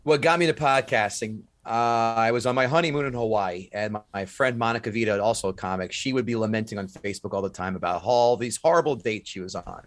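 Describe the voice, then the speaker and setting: A man's voice: lowish voice, quick pace, few pauses, dry recording. A man who is a stand-up comic, telling stories animatedly in a casual podcast chat, swearing and acting out quotes.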